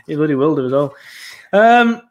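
A man's voice: fairly high pitch, animated, moderate pace, highs cut off. A young man hosting a casual football podcast, rambling with frequent ums. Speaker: podcast host.

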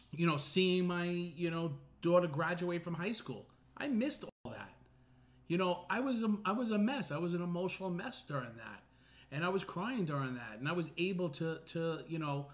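A middle-aged man hosting a podcast, talking earnestly in a casual personal monologue full of fillers and restarts. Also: on the high side. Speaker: podcast host.

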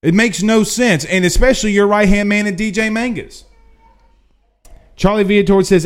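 A man hosting a casual livestream, answering chat questions in an excitable, emphatic, repetitive way. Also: high-pitched, moderate pace. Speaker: livestream host.

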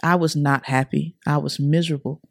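A woman's voice: deep voice, fairly even intonation, fairly quick, gravelly, no room sound. Earnest young woman, dry close mic. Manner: earnest, repeats herself, casual slang. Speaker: podcast guest. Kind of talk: emotional personal storytelling.

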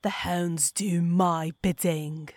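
A woman voicing a cruel, vengeful female spirit who draws out her words slowly, howling and gloating, in a storybook reading. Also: mid-range voice, warm tone, no echo. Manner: slow, drawn-out, howling and screeching.

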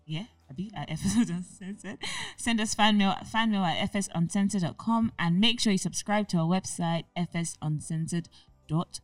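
A young woman chats upbeat with her co-host on a podcast, voice on the low side. The sound is dry, with a little distance from the mic. Faint music sits behind her. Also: normal speed, no echo. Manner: chatty, upbeat, lots of "like" fillers. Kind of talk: casual chat.

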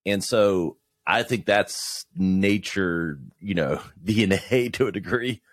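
A man with a fairly low voice, thinking out loud as a podcast guest. He circles back and restarts his sentences often. The recording is dry and close. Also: no room sound. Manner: reflective, halting with many restarts. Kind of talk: casual conversation.

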